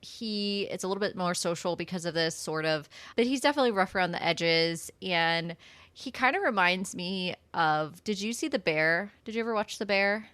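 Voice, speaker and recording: A woman with a fairly low voice hosts a casual book club chat. She is enthusiastic and chatty, with lots of asides and fillers. Her voice sounds dry and close. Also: moderate pace, fairly bright tone, clear, resonant tone, dry recording. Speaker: podcast host.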